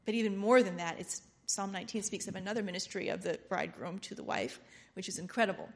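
A woman preaching a sermon in an animated way, laughing often and acting out quoted lines. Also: medium pitch, quick pace.

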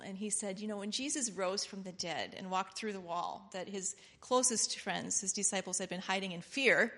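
A middle-aged woman with a medium-pitched voice delivers an informal, earnest sermon that rambles before building into loud, impassioned preaching.

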